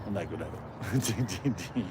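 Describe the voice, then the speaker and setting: A man's voice: low voice, expressive, takes it slowly, heavy background noise. A man with an Australian British accent hosting a casual live stream from an outdoor park on his phone, rambling and chuckling as he chats with viewers and his dogs.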